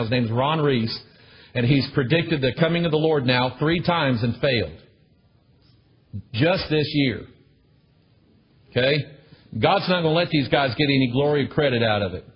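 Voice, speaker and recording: A man preaching a sermon to a congregation in an emphatic, repetitive way, often calling out for amens, in a husky voice. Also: medium pitch. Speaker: pastor. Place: church with a congregation. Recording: dull lo-fi recording.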